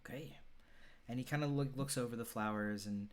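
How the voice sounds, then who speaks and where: A woman's voice: extremely low pitch, quick pace. A woman narrating a tabletop game as game master, casually and with many ums and restarts. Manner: hesitant, filler-heavy narration.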